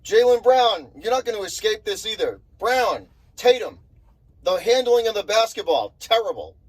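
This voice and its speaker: A man's voice: high-pitched, sing-song, normal speed, breathy edge, rough recording. A young man ranting angrily about his basketball team, swearing and repeating himself in exasperation. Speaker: sports vlogger. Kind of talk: fired-up sports rant.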